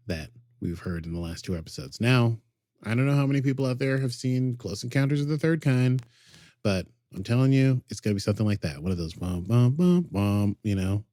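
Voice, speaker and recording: A man's voice: low voice, warm tone, breathy edge, no echo, clean studio sound. A man co-hosting a podcast, chatting playfully and enthusiastically about a TV episode. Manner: playful, enthusiastic fan banter. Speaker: podcast co-host. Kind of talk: casual chat about a TV episode.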